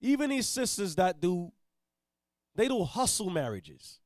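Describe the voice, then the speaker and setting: A man leading a Bible reading and preaching bluntly, dropping to low mutters, then shouting his points. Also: big pitch swings, measured pace, no echo, clean studio sound. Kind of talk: street-style Bible teaching.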